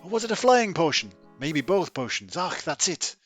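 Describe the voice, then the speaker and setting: A man's voice: fairly high pitch, sing-song, moderate pace, fairly bright tone, soft background music, voice pushed up. A man voicing a forgetful old male tinkerer from a video game, in a put-on Scottish accent, rambling and contradicting himself. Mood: muddled. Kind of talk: reading game dialogue aloud.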